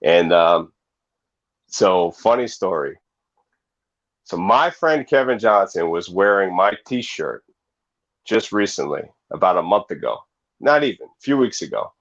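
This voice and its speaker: A man's voice: low-pitched, unhurried, long pauses. A man in his forties, a snake breeder being interviewed, telling stories with energy and acting out the other people's lines. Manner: animated storytelling, acts out quoted voices. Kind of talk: casual livestream interview. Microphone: video call. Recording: muffled lo-fi stream audio.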